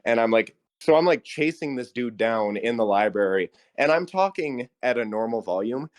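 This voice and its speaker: A young man on a podcast, telling a story in a casual, animated way with lots of "like" fillers and laughs. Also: mid-range voice, normal speed, dry recording. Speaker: podcast co-host.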